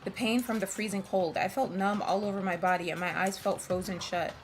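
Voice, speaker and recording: A woman reading the narration of a calm young girl in a visual novel, in an even, steady storytelling voice. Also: mid-range voice, a little fast, natural voice.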